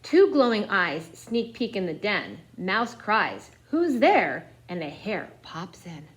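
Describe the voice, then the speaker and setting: Slow, expressive woman reading a picture book. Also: mid-range voice. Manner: expressive, dips into whispers. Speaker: storyteller. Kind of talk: picture-book read-aloud for children.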